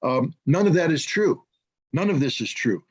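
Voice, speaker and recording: A man's voice: on the high side, animated, normal speed, slightly rough, dull audio. A man from the United States speaking as a guest on an online panel, impassioned and indignant, often restarting his sentences. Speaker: guest commentator.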